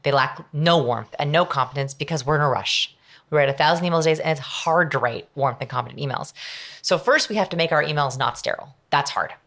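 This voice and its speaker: A middle-aged woman, a guest on an interview podcast, explaining her ideas in an energetic, emphatic way with lots of examples. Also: sits low, quick pace. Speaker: guest, behavioral researcher. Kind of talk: conversational interview.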